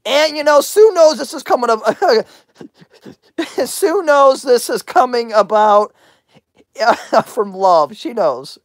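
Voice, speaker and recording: A giggly woman drawls through a loose livestream, tossing crude, teasing questions at her chatters. Her voice sits a little high and the sound is close and dry, with no room around it. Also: takes it slowly, pauses often, no room sound. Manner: giggly, breaks into laughter often. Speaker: livestream host. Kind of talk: rambling livestream chat.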